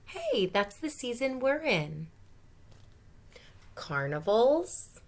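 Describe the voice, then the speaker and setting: A woman teacher reads a picture book aloud in a slow, unhurried way, with a lowish voice. She is gentle and stops often to explain words and pose questions to young listeners. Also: slight background noise.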